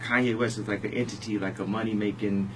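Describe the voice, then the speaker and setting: Low-voiced man rambling in halting bursts. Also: steady tone, fairly bright tone, a little hiss or hum, poor audio. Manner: halting, restarts, loose rambling. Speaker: interview guest. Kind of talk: on-air radio interview. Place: radio studio.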